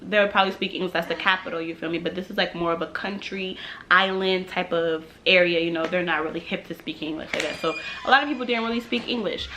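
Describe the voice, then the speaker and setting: A woman's voice: on the low side, steady tone, quick pace, sharp tone, a little hiss or hum, poor audio. A young woman vlogger telling a storytime tale in a casual, slangy way, acting out quotes and laughing along.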